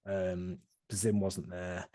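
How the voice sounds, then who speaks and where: A man's voice: low voice, little pitch movement, drawn-out words, warm tone. A man, the game master, casually recapping a tabletop campaign with friends and laughing along. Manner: laughing, leading the recap with questions. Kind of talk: casual chat among friends.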